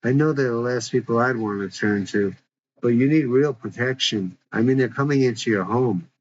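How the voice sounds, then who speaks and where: A man's voice: mid-range voice, moderate pace, lightly acted. A man reading as an earnest, helpful young woman. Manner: earnest, insistent. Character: earnest, worried young woman, eager to help. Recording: dull lo-fi recording.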